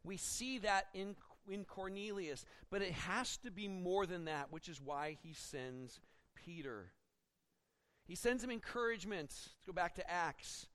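A man's voice: high-pitched, a little slow. A man preaching a sermon, reading scripture and acting out the people in it. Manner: expository preaching with acted-out quotes; animated, rising when dramatizing. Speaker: pastor.

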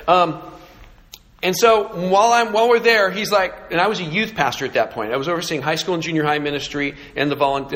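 A middle-aged Californian pastor with a high-leaning, fairly bright voice tells a sermon story, sarcastic and self-deprecating in a flippant way. The church sanctuary adds echoey hall reverb.

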